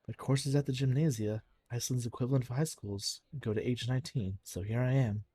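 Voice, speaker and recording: Husky young man reading game narration. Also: mid-range voice, steady tone, brisk, mellow, no echo. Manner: reads narration plainly, trips over words and restarts. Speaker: streamer reading a visual novel aloud. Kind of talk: casual live-stream game reading.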